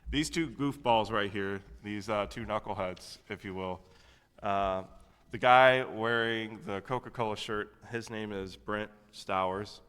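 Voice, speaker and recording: A man's voice: on the low side, measured pace, fairly bright tone, clear, resonant tone. A man in his thirties giving a sermon in a church, talking conversationally with plenty of fillers and asides. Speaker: preacher. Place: church sanctuary. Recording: long hall reverb.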